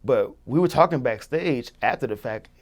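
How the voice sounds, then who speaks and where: A man's voice: mid-range voice, lively intonation, moderate pace. A young man, a music producer, telling a story in casual chat, loose and full of fillers. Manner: loose, filler-heavy, many "like"s, acts out quotes.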